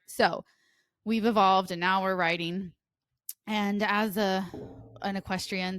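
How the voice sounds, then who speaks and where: Fast-talking nervous woman, dry close mic. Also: on the low side, no echo. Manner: fast, restless talk with many fillers and restarts. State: nervous and sweaty. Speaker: podcast co-host. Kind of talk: casual podcast chat.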